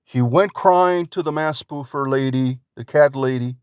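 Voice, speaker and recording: A man's voice: mid-range voice, unhurried, a little mellow, smooth, no room sound, clean studio sound. A man hosting his own channel, ranting indignantly in a vlog and firing off repeated rhetorical questions while reading out screenshots. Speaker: YouTube channel host.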